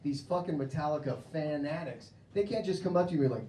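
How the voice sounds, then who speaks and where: Crude American stand-up comic in a noisy club. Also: male voice, fairly high pitch, quick pace. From United States. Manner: crude, mocking, acts out voices. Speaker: stand-up comedian. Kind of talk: stand-up comedy set. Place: comedy club stage before a live audience. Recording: roomy club with loud crowd noise.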